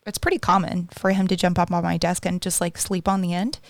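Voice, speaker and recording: A woman's voice: fairly low pitch, a little fast, no room sound. A woman co-hosting a casual chat, telling stories animatedly and acting out what others said. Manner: chatty, animated storyteller who acts out quotes.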